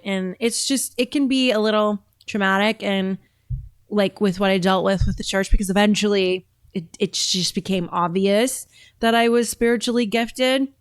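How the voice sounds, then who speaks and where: A woman's voice: mid-range voice, clear, resonant tone, no echo. Chatty woman host in a dry room. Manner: chatty, rambling, laughs often. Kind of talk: casual reaction commentary.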